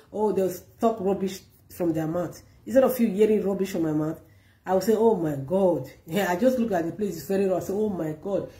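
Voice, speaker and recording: A woman's voice: medium pitch, mellow. A woman pastor preaching and leading prayer, urging listeners with fervent, repetitive exhortations. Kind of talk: sermon with prayer. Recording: echoey room.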